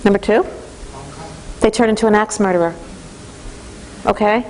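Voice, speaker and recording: A woman giving a parenting training lecture in an animated way, acting out the voices of teens and parents. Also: mid-range voice, normal speed, a little hiss or hum.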